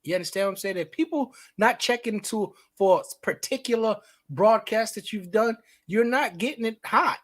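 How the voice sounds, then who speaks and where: A man with a Brooklyn accent co-hosting a podcast in casual chat, profane, with loud outbursts and drawn-out emphasis. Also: high-pitched. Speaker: podcast co-host.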